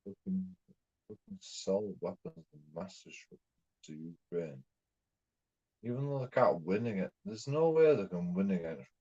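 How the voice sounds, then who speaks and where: A man's voice: sits low, very animated, measured pace, warm tone, slightly rough. A man from England, ranting in a rambling, repetitive way and swearing constantly. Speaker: streamer. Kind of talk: profane ranting monologue. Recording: dull lo-fi recording.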